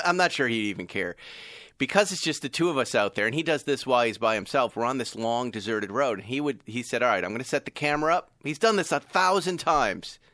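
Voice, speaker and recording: A man hosting a podcast in casual chat, telling stories in a lively, teasing way. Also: mid-range voice, no room sound, clean studio sound. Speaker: podcast host.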